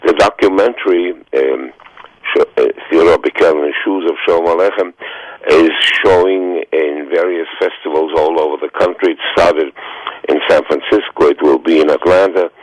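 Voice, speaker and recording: A man in his nineties, a radio interview guest, telling stories slowly and haltingly with many fillers, heard over a phone line. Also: deep voice, no room sound. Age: 90s.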